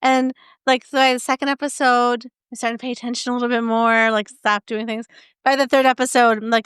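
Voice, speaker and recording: A woman co-hosts a casual podcast, chatting and telling animated little stories about her pets. Her voice sits a bit high and sounds smooth. The sound is close and dry, with no room around it. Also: fairly quick, no room sound. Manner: chatty, animated storytelling with laughs. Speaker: podcast co-host. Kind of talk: casual chat.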